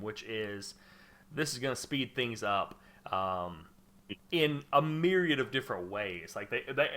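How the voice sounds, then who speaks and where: A man's voice: mid-range voice, sharp tone. A man hosting a casual gaming podcast, rambling with lots of fillers and restarts. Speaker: podcast host. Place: home room under a spotlight.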